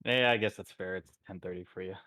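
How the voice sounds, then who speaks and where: A man playing in a tabletop game, talking in a halting, musing way full of fillers. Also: low voice, steady tone, sharp tone, dry recording. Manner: halting, musing, full of likes and you-knows. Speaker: player. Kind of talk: casual tabletop role-play.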